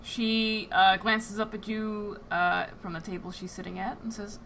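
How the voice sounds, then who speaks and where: A woman running a tabletop role-playing game as game master, describing scenes with frequent filler pauses. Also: mid-range voice, flat delivery, a bit bright, slight background noise.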